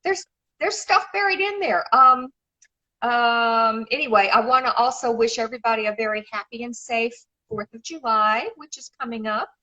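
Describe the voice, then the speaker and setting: A woman's voice: on the high side, normal speed, bright, forceful tone, highs cut off. A middle-aged woman from Memphis, chatting effusively on a live stream and calling people darling. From Memphis, Tennessee, USA. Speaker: shoe designer and regular guest. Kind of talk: casual live-stream chat.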